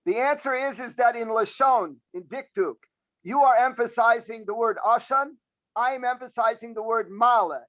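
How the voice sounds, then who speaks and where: A man's voice: very high voice, moderate pace, bright, forceful tone, no echo, dull audio. A man taking part in a Talmud class over a video call, assertively arguing a textual point line by line. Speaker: class participant.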